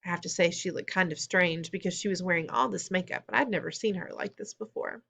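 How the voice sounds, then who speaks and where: Woman reading a storybook, slightly low. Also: fast, gravelly, a bit bright, husky. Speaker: audiobook reader. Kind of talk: first-person storybook narration.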